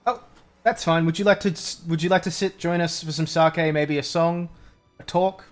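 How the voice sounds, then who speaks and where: A lonely spirit warrior in a tabletop game, eager to share his fire, pressing sake on a stranger with a lifted, brighter voice as a man puts him on. Hospitable to the point of strange, teasing without meaning harm. Gentle music runs faintly beneath. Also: a little high, fairly even intonation, normal speed, natural voice. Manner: overly hospitable, playfully odd. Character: friendly lonely male forest spirit warrior.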